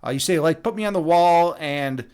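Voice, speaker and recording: Young man, high-pitched, casual livestream chat, absurdist jokes, many fillers. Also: moderate pace, darkish tone, smooth. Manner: rambling, joking, absurdist, lots of fillers and restarts. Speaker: livestream host and meditation instructor.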